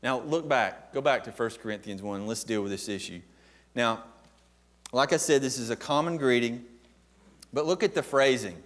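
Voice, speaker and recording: Emphatic pastor preaching. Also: male voice, mid-range voice, moderate pace. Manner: emphatic, asks the congregation questions. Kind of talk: sermon.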